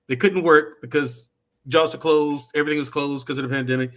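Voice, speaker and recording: A man with a slightly high, bright voice talks fast on a casual discussion panel. He builds his explanation in quick, stacked phrases. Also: steady tone.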